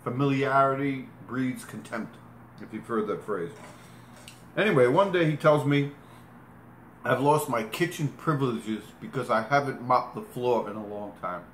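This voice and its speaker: A man spins a long, meandering personal story, stopping to fix his words and show movements with his hands. His voice is mid-pitched and ordinary. The room gives it a noticeable echo, with faint ambience behind. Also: normal speed, a bit bright, a little hiss or hum. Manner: rambling, self-correcting, demonstrates with gestures. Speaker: interviewee. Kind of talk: casual storytelling.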